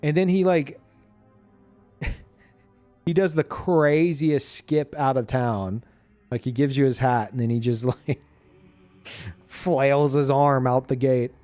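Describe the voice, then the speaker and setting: A man streamer chatting casually about a video game, animated and profane, laughing often. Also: mid-range voice, takes it slowly, long pauses, soft background music.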